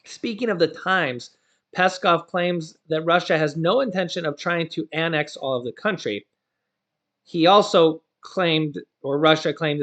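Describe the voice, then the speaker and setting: Male commentary host, slightly raised pitch, reads news copy then drifts into casual chatty asides. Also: a bit bright. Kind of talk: reading news with personal commentary.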